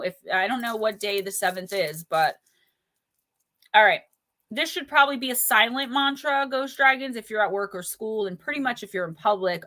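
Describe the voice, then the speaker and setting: A woman's voice: on the high side, bright, forceful tone. A woman doing casual oracle card readings on a live stream, chatty and playful, greeting viewers by name. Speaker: livestream oracle card reader.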